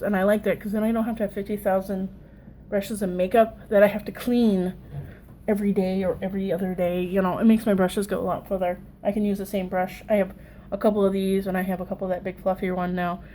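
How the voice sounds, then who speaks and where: A woman's voice: medium pitch, warm tone, slight background noise, low-quality recording. A woman in her thirties with a Southern accent, chatting and rambling through a casual makeup tutorial. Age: 30s. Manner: chatty, rambling, self-deprecating. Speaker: makeup vlogger.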